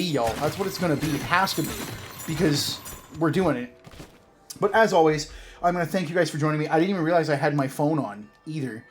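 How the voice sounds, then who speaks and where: A man's voice: on the high side, slight background noise. A man in his thirties from Canada, rambling and self-mocking as he tells a story while commentating a video game. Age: 30s. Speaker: gaming video host. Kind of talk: casual gameplay commentary with storytelling.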